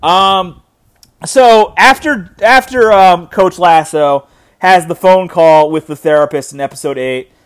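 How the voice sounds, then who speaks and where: A man's voice: sits high, measured pace, smooth. A man hosting a solo podcast, talking casually and rambling with fillers and restarts. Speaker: podcast host. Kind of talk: solo podcast episode recap.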